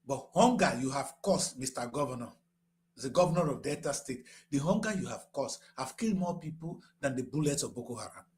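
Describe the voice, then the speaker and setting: A man in his sixties with a Nigerian English accent, giving impassioned political commentary that swings from grave and low to shouting. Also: lively intonation, a little fast, a little hiss or hum. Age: 60s.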